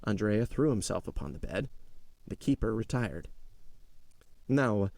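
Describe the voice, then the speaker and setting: A man narrating a classic novel aloud in a measured storytelling manner. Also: on the low side, big pitch swings, gravelly, warm tone, no echo. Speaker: audiobook narrator.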